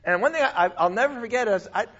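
Man, high voice, pastor, conversational sermon, animated asides, dull lo-fi recording. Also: quick pace.

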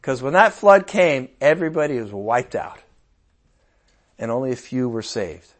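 A man preaching a sermon in a conversational, animated way, with playful asides and sudden outbursts. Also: mid-range voice, moderate pace.

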